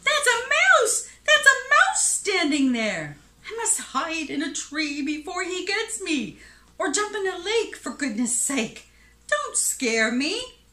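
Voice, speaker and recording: Big fretful elephant guy, lady reading it, high lively voice, echoey room. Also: slow, exaggerated voice. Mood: panicked. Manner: pleading, high and excitable. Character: big sorry male elephant, sneezy and jumpy. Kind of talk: storybook read-aloud.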